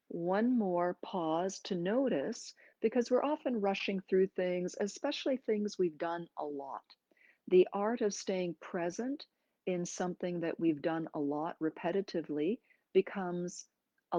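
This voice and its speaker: Gentle, soothing woman yoga teacher. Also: lowish voice, no echo, lo-fi sound. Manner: slow, gentle, soothing instructions with pauses. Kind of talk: guided breathing and movement class.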